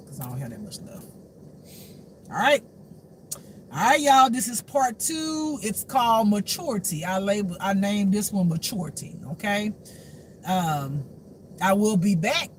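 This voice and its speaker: Spiritual teacher just talking, cussing and laughing, mid pitch, noisy hum behind. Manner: blunt, profane, laughing, swings from low mutters to shouts. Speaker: spiritual life teacher and reader. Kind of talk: casual unscripted monologue.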